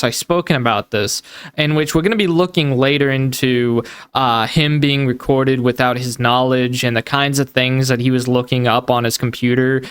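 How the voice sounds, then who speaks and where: A man narrates his commentary with a smooth, clean voice. His tone is critical and incredulous. The sound is dry and close. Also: on the high side, a bit bright, dry recording. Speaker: commentary video host. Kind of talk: online drama commentary.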